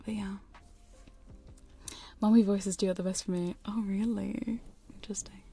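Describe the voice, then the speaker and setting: A woman's voice: medium pitch, steady tone, moderate pace, creaky, husky. A woman streamer in a whispered livestream chat, rambling and giggling as she reads the chat. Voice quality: soft whisper. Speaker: ASMR streamer. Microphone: studio condenser microphone.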